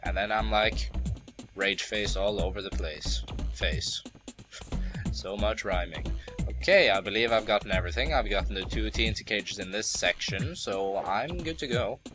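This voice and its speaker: A man's voice: fairly low pitch, moderate pace. Young man rambling over game play. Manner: rambling, joking, playful asides. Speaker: let's play host. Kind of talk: casual gameplay commentary. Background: game music.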